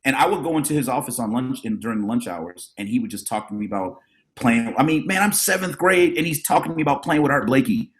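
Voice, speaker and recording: A middle-aged man, a drummer and educator, telling animated stories about his mentors as a podcast guest and acting out the voices of the people he quotes. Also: medium pitch, fast talker. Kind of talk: casual storytelling interview.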